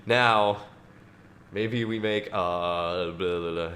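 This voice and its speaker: A man's voice: sits low, steady tone, very slow, a bit bright, a little hiss or hum. A man streaming alone, reading scripture aloud and chatting casually, rambling to himself and chuckling often.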